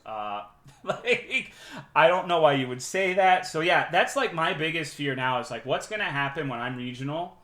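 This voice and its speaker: A man streaming live, telling a work story in a profane, animated and sarcastic way. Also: on the high side, moderate pace, roomy sound. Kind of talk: casual livestream storytelling.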